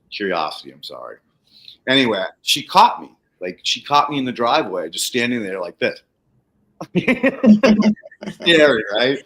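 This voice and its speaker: A man's voice: lowish voice, fairly bright tone, poor audio. A man hosting a casual livestream chat, telling stories animatedly, acting out the people he quotes and swearing freely. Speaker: podcast host, soil treatment practitioner.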